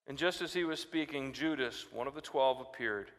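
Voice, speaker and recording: A man preaching a sermon, lively and dramatic, his voice climbing sharply when he quotes scripture. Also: medium pitch, moderate pace, in a large hall. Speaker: pastor.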